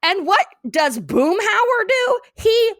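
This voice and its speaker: A woman's voice: very high voice, big pitch swings, slow, a bit bright, dry recording, clean studio sound. A woman co-hosting a podcast, animatedly recapping a cartoon episode and laughing often. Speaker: podcast co-host.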